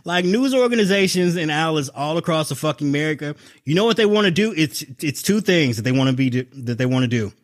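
A man's voice: on the high side, expressive, quick pace, few pauses. A man co-hosting a podcast over a video call, talking in a casual, profane, sarcastic way and laughing often. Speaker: podcast co-host. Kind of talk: casual political chat.

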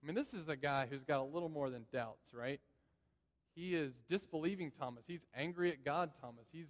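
Speaking at a moderate pace, a man with a highish voice preaches as pastor in a church sanctuary. He's earnest, circles back to key phrases for emphasis, and the space rings with long reverb.

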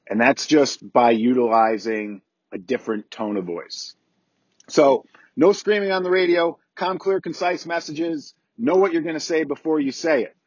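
A man's voice: medium pitch, husky, no echo, highs cut off. A man, a volunteer fire chief hosting a podcast, giving casual instructional talk in a plainspoken way, repeating key points and asking rhetorical questions.

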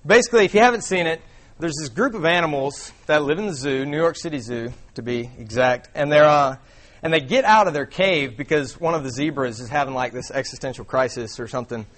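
A man's voice: on the high side, animated, a little fast, a bit bright. A young man preaching a sermon to a congregation in a casual, conversational way with many fillers. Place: church before a congregation.

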